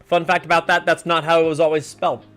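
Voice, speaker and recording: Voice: mid-range voice, level tone, quick pace, fairly bright tone, faint music behind. A livestreamer thinking aloud while working through word clues in a puzzle game, often trailing off unsure. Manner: muses over word clues, trails off with "I don't know".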